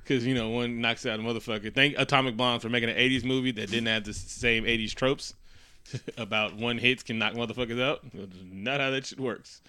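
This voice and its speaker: A man casually recapping a superhero movie on a podcast, swearing freely and acting out scenes with quick quoted lines. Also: mid-range voice, clear, resonant tone. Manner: profane, animated, acts out scenes with quotes. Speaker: podcast co-host.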